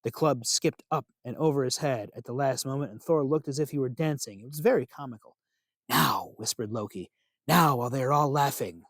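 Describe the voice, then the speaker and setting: A man narrating a myth as a storyteller, expressive and unhurried. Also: mid-range voice, no echo, clean studio sound.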